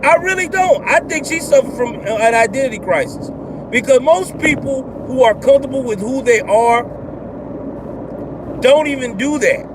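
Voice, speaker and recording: A man with a notably high voice talks straight at his audience from a car, blunt, profane and animated. Road and engine noise run clearly beneath his voice. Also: moderate pace. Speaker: vlog host. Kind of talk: casual ranting commentary.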